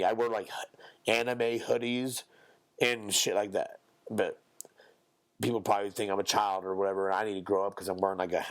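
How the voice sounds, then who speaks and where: A young podcast co-host rants bluntly and profanely in casual talk. Now and then he mocks others by putting on a squeaky high voice.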